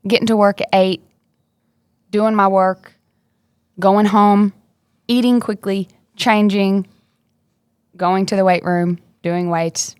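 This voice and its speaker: A woman's voice: mid-range voice, fairly even intonation, slow pace, long pauses, a little mellow, smooth, dry recording. A young woman, chatting casually and upbeat as a guest, laughing easily. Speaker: basketball player, podcast guest. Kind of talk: casual interview chat.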